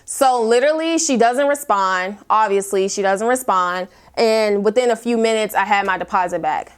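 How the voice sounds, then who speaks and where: A woman's voice: medium pitch, normal speed, clear, resonant tone. A young woman vlogger telling a story in a casual, exasperated, emphatic way and reading her messages aloud. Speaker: YouTube vlogger.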